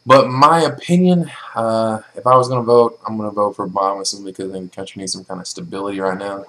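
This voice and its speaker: A man's voice: on the low side, fairly even intonation, quick pace, bright, forceful tone, poor audio. A young man casually answering viewer questions in a vlog, blunt and profane, with plenty of ums and likes. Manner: blunt, swears freely, lots of filler.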